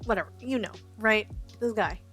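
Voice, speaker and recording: A woman's voice: mid-range voice, normal speed. Woman, streamer, casual storytelling, chatty, laughs often, faint background music. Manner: chatty, laughs often, swears, acts out quotes.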